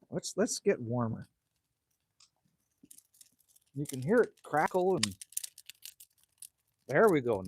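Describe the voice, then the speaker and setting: A man's voice: medium pitch, a little hiss or hum. A middle-aged man hosting a casual live stream outdoors by a campfire, chatting bluntly and joking with viewers as he reads the chat. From Northwest Territories, Canada. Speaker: livestream host reading chat.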